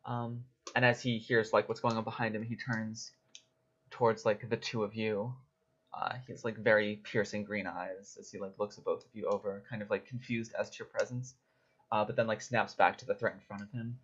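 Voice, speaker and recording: Game master guy narrating, lots of ums and likes, lowish voice, muffled lo-fi audio. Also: flat delivery, a little fast. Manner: hesitant, full of fillers. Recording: dull lo-fi recording.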